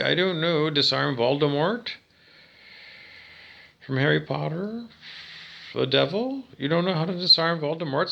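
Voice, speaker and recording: Man vlogger, intense profane rant, gravelly bright voice, self-answered questions. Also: on the high side, highs cut off. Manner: ranting, asks and answers his own questions, profane. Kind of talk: direct-to-camera monologue.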